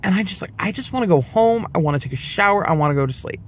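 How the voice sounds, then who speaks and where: Rapid-fire and pitched high, a man in his twenties tells a personal story straight to camera in a laid-back vlog. He curses, stays animated, and plays out the people he quotes.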